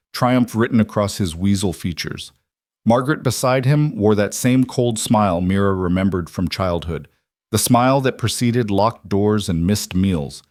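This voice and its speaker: A man narrating a frontier story in a measured, dramatic way. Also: lowish voice, a little mellow, dry recording, clean studio sound.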